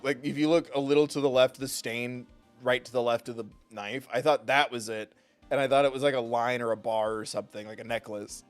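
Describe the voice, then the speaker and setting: A young adult man streaming a video game, joking casually and reading dialogue aloud. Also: mid-range voice. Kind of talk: casual gameplay commentary.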